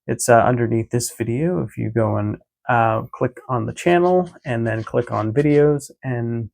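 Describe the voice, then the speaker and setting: A man's voice: mid-range voice, normal speed, creaky, a little mellow. A man vlogging a casual recap of his day, easygoing and chatty, rambling with lots of filler words and restarts.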